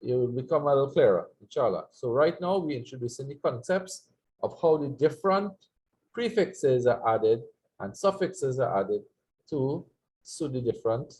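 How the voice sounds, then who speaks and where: Speaking at normal speed in an animated, mid-range voice with a darkish tone, a man leads a classroom Arabic lesson. He explains the verb forms in English and patiently repeats words so students can echo them.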